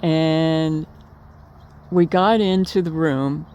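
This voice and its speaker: A woman with a low, dark, steady voice tells her viewers about her late partner very slowly, and the recording has its highs cut off. The story is casual and rambling, with fillers, restarts, and the odd laugh.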